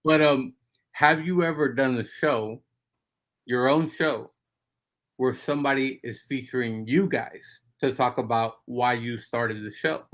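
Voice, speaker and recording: A man's voice: mid-range voice, steady tone, unhurried, a bit bright. A man guesting on a casual livestream, chatting in an easygoing way with plenty of "you know" and "man". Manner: easygoing, chatty, full of fillers.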